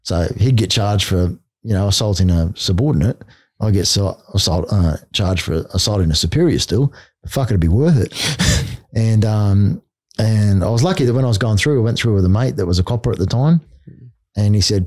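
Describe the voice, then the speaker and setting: Blunt, swearing Australian man, mellow and low. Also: a little fast, dry recording, studio quality. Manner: blunt, heavy swearing, laughing between stories. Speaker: podcast guest, army veteran. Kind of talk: casual interview storytelling.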